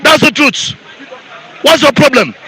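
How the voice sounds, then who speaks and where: A man's voice: very high-pitched, expressive, a little slow, a crowd in the background, noisy background. A Nigerian man with a Nigerian accent, giving an angry, repetitive rant in a street interview.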